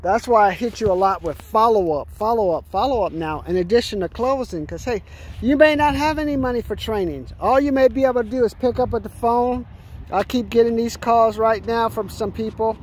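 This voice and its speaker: A man talking as a sales coach in a casual, animated, rambling monologue, swearing and tacking "man" onto his sentences. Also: sits high, a little fast.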